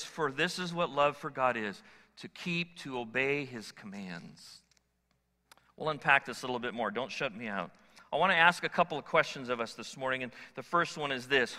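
A man's voice: mid-range voice, bright, forceful tone. A middle-aged man preaching a sermon to his congregation, conversational and joking with people in the pews. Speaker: pastor. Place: church sanctuary with congregation. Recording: long hall reverb.

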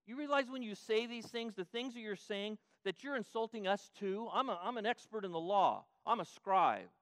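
A preacher putting on an affronted scribe. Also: male voice, sits high, expressive, moderate pace, a bit bright, dry recording, big-room sound, voice pushed up. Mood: indignant. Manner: raised, affronted questioning. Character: indignant male scribe, a law expert taking offense.

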